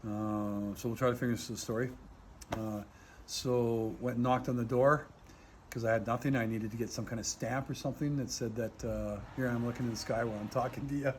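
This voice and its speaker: A man's voice: mid-range voice, brisk, slight background noise. Rambling man telling a war story. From Canada. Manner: rambling, animated, many fillers, swears. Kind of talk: casual storytelling in an interview. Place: outdoors in a war zone.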